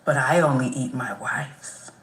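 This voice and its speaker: A woman voicing a polite married man who turns down an offer. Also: measured pace. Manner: low, mild, put-on male voice. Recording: roomy echo.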